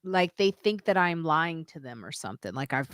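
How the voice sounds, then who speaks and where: Lively woman comedian telling stories. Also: low-pitched, moderate pace, no echo, studio quality. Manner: animated storyteller, laughs often. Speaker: comedian and podcast co-host. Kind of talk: casual chat.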